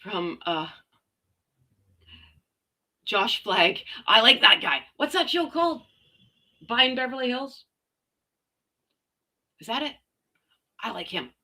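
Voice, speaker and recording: A sarcastic woman hosts a chatty livestream, commenting and reading out viewer messages with emphasis. She takes her time, lingering over each phrase in an unhurried way. Her voice is bright and ringing. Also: fairly high pitch, expressive, poor audio. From United States. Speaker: host.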